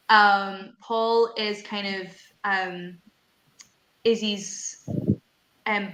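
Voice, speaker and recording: Bright, eager woman co-host. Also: mid-range voice, reverberant, poor audio. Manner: enthusiastic, many ums. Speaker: podcast co-host, producer. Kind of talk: casual podcast chat.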